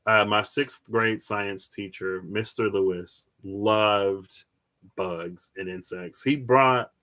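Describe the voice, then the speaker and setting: A young man chatting casually on a live stream while reading tarot cards, rambling through stories and jumping into high, laughing outbursts. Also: slow pace. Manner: rambling storyteller, animated, bursts into high-pitched squeals and laughter.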